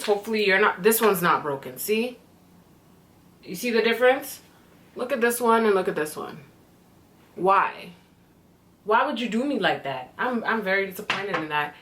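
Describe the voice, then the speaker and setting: A young woman in her twenties from Canada talking excitedly through a beauty product first-impression vlog, chatty and swearing casually. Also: mid-range voice, a little hiss or hum. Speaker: beauty vlogger.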